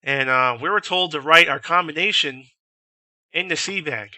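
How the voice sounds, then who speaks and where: A young man tells a rambling, profane story with lots of energy. His voice is slightly high and sharply bright. The sound is dry and close, and he breaks into loud impressions of shouted orders. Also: normal speed, no room sound. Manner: profane, animated, imitates drill instructors shouting. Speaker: vlogger. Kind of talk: casual storytelling.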